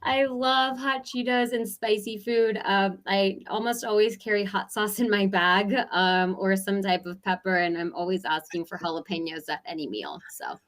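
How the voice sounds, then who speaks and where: A woman chats as a guest on a webinar over a video call. She is bubbly and laughs often. Her talk is relaxed and friendly. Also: mid-range voice, normal speed, hardly any pauses. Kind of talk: casual webinar chat.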